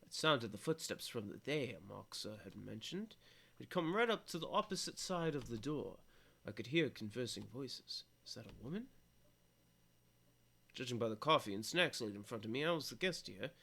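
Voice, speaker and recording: A man's voice: medium pitch, expressive, fairly quick, vocal fry, fairly bright tone, breathy edge. A man streaming a visual novel, reading its first-person narration aloud with dramatic, pleading repetition. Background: game music.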